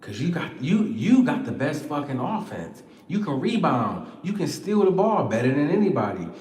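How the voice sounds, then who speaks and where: A man with a high voice rants in a loose, profane monologue, slangy and animated, breaking into laughter. The room is echoey, with a long tail of reverb. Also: moderate pace. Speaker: podcast host. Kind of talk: casual monologue.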